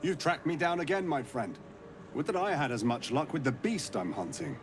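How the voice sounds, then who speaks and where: A man's voice: a little high, very animated, normal speed, background noise. A man voicing a proud, wandering male monster hunter in a video game, speaking in a formal, wry way.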